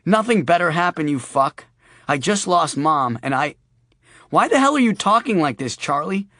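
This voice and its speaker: A man's voice: on the high side, big pitch swings, normal speed, sharp tone, no echo, voice pushed up. A male narrator voicing a brash adult woman who talks bluntly and swears, with a dry close recording. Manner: brusque, teasing and swearing.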